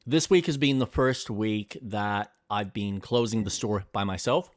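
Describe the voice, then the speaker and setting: A man's voice: on the low side, unhurried, no room sound, clean studio sound. A young man co-hosting a casual chat stream, swearing freely and acting out the people in his stories. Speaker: podcast co-host.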